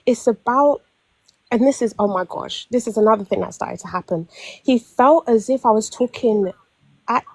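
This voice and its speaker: A woman's voice: a little high, normal speed, gravelly, no room sound. A young woman telling a long personal story in casual chat, acting out quotes and often restarting. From London. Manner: animated storytelling, acts out quotes, many restarts. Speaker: panel caller.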